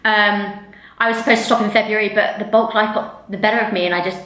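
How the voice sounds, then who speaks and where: A woman's voice: mid-range voice, steady tone, quick pace, fairly bright tone, echoey room, rough recording. A young woman vlogging to camera in casual chat, chatty and rambling with lots of fillers, recorded on a camera mic. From England. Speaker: fitness vlogger.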